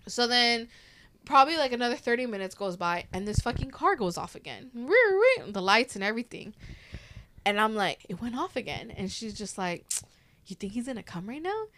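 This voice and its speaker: A woman's voice: on the high side, normal speed. A swearing woman telling a wild story. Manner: animated, swears freely, acts out quoted voices. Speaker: podcast host. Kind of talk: casual storytelling.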